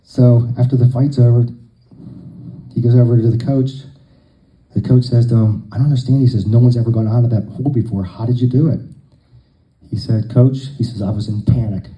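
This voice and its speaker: A man's voice: mid-range voice, fairly even intonation, moderate pace, long pauses, lo-fi sound. A man telling long jokes to a live crowd, a folksy storyteller who acts out the dialogue.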